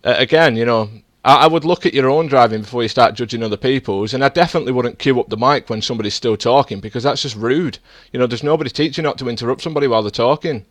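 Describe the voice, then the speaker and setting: A man's voice: mid-range voice, rapid-fire, no echo. A man streaming a sim race, arguing defensively and lecturing rivals over voice chat. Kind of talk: heated in-game voice chat argument.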